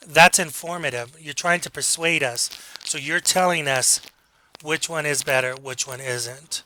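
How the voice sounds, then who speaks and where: A man teaching a communication class, talking through examples in a relaxed, conversational way and acting out quoted lines. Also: fairly high pitch, unhurried, low-quality recording. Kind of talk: recorded online lecture.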